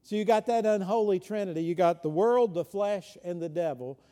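Male preacher, high but mellow voice, chatty sermon delivery. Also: normal speed. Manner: conversational, frequent rhetorical questions, swings from loud to hushed. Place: church.

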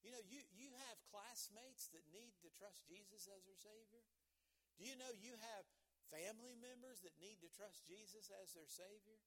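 Male pastor, bright and high, emphatic sermon delivery. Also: moderate pace. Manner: emphatic preaching, swings from shouts to hushed tones.

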